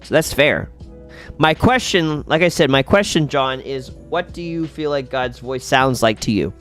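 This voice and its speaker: A man's voice: medium pitch, measured pace, fairly bright tone, soft background music. A man hosting a casual live gaming stream, chatting with viewers and thinking aloud while he plays.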